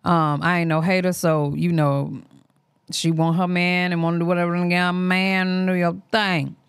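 A woman's voice: fairly low pitch, little pitch movement, unhurried, smooth, no echo, clean studio sound. A woman hosting a reaction stream, giving candid, slangy, outspoken commentary in a casual way. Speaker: reaction channel host.

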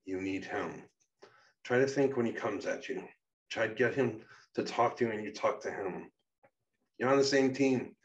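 A gentle woman soothes and reassures, voiced by a man with a deep voice. She coaxes patiently and warmly. The recording is dull and set back from the mic. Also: normal speed, lightly acted. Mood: coaxing. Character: patient, caring woman, a calming confidante. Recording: muffled, distant mic.

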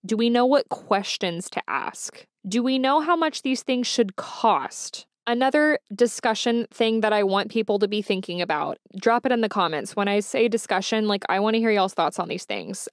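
A woman's voice: mid-range voice, no echo, clean studio sound. A woman hosting a solo true-crime podcast, talking in a conversational, emotional and indignant way. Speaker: podcast host.

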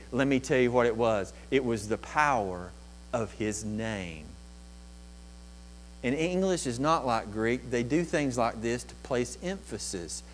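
A man preaching a sermon as pastor, building to impassioned, rising passages and then dropping to quiet, slow reflection. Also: expressive, low-quality recording. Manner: impassioned preaching with swells of volume and pitch.

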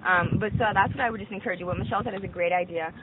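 A man's voice: sits high, rapid-fire. A man leading a bible study, talking earnestly and reassuringly with many fillers. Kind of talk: earnest counseling talk. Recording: tinny phone-like audio with loud noise.

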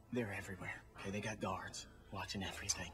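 An actor playing a tired young man who has snuck in to help captives, talking in a hushed, urgent and hesitant way. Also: sits low, fairly even intonation, fairly quick, close to an everyday voice. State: exhausted from no sleep. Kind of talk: video game voice acting. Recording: game audio with music behind.

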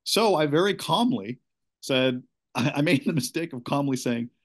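A middle-aged man seeking coaching, giving a candid, halting account of his marriage with many restarts. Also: a little high.

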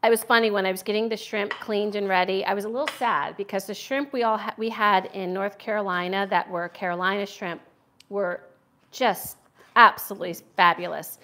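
A woman's voice: medium pitch, steady tone, normal speed, pushed and bright. A middle-aged American woman hosting a casual cooking livestream from her home kitchen, chatting with viewers as she chops. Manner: chatty, answers viewer comments while cooking. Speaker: cooking channel host.

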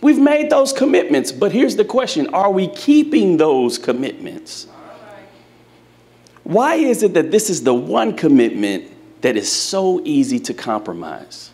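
A male pastor delivers a sermon to his congregation, his voice sitting a little high and swooping up and down with animated expression. He talks straight to the room and slips into folksy, humorous storytelling. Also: measured pace. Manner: lively preaching, addresses congregation directly. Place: church before a live congregation.

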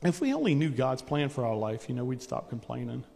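A male preacher with a drawl talks through his sermon in a folksy, conversational way. His voice is dark and mellow, and it rings out with a long reverb through the church sanctuary. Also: mid-range voice, big pitch swings, fairly quick, gravelly.

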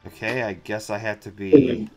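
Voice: mid-range voice, fairly even intonation, normal speed, dark tone, faint music behind. A player making offhand comments during a casual let's play.

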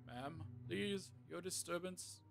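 A man's voice: sits high, slow, gravelly, pitched above the performer's own voice, exaggerated voice. A man doing a prim robot butler clerk. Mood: prim, formal. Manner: stiffly formal, repeats "sir" and "ma'am". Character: polite male robot civil service clerk. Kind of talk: reading a game text log aloud in voices. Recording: game music playing underneath.

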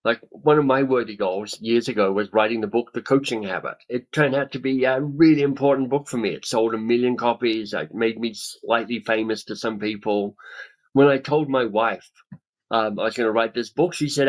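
A webinar speaker and author in his fifties coaches an audience over a video call, his webcam producing a low-quality recording. He has a mid-range voice and moderate pace, and he speaks enthusiastically while acting out how others react.

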